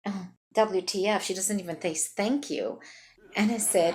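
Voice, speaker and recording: A woman's voice: medium pitch, moderate pace, slight background noise, low-quality recording. A woman improvising a comedic monologue, talking in a hyper, chatty way and laughing through her story.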